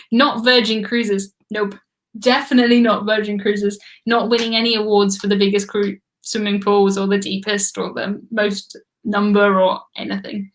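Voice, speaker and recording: A woman's voice: medium pitch, little pitch movement, a little slow. An English woman hosting a live trivia stream, chatting casually and laughing often as she reads viewer comments.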